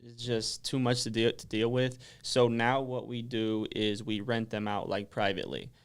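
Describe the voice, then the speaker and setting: A man's voice: fairly low pitch, normal speed, smooth. A man being interviewed as a guest on a radio talk show, explaining things casually and filling his sentences with "like". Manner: relaxed, explanatory, lots of "like" fillers.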